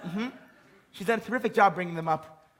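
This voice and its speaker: A young man plays a mopey, self-pitying divorced man with a high, bright voice. He fusses and sighs over everything he says. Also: brisk. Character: fussy, sentimental divorced man, Felix. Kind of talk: stage play scene.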